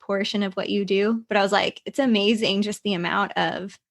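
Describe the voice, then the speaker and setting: A woman's voice: medium pitch, fairly even intonation, a little fast, vocal fry. A woman hosting a casual podcast interview, chatting and backing up her guest with frequent short affirmations. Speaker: podcast host.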